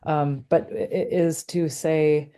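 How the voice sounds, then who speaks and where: A woman hosting a podcast, talking in a soft, reflective and agreeable way. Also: low voice, steady tone, takes it slowly. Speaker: podcast host. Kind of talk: podcast conversation.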